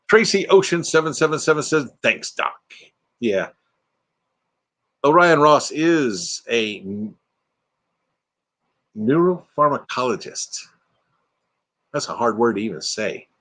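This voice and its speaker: A man's voice: mid-range voice, fairly bright tone. A retired man hosting a casual livestream from his RV, chatting playfully as he reads out viewer comments and jokes around. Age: retired, middle-aged or older. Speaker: livestream host. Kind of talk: casual live chat reading viewer comments. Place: inside an RV.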